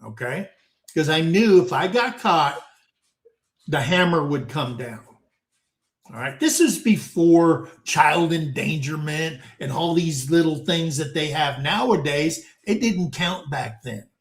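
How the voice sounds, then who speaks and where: Older male host in his 60s, unhurried folksy storyteller, a bit high-voiced, echoey room. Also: animated. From United States. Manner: folksy storyteller, addresses listeners as guys. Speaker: talk show host. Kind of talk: casual panel chat, storytelling. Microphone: video call. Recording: roomy echoing room.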